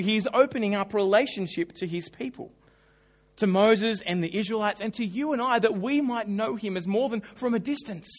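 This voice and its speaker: A man preaching a sermon, telling animated stories with humorous asides. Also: high voice. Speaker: pastor.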